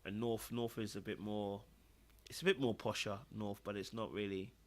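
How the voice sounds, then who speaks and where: A man's voice: lowish voice, level tone, normal speed. A man with a South London accent co-hosting a casual podcast panel, playful and repeating catchphrases. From London, England. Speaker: podcast co-host.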